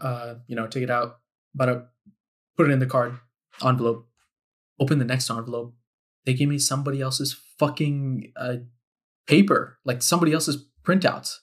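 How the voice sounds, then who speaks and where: A young man hosting a solo podcast, telling stories in a casual, exasperated way, swearing often and jumping high in pitch when frustrated. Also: steady tone, moderate pace, pauses often. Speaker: podcast host.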